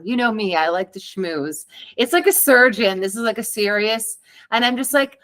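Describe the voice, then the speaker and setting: A woman's voice: fairly high pitch, normal speed, fairly bright tone, low-quality recording. A woman guest on a podcast, telling her own story in a candid, chatty way and acting out the dialogue she quotes. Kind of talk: conversational storytelling.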